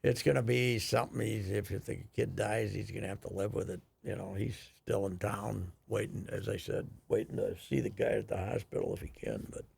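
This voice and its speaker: A man's voice: lowish voice, fairly even intonation, brisk, few pauses, a little mellow. An older man telling a rambling, chuckling story in casual radio chat, with frequent restarts. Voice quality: gravelly, husky. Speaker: radio show regular.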